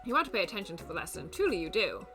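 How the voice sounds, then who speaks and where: A woman's voice: fairly low pitch, big pitch swings, very fast, a bit bright, soft background music. Playful young woman streamer reading. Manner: playful, wry asides. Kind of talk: reading a dating game aloud.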